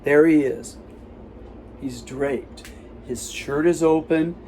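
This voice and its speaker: A man performing a live comic storytelling show, recounting a hospital visit in halting, self-interrupting sentences. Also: on the high side, dark tone, slight background noise. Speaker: solo performer. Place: small theater stage.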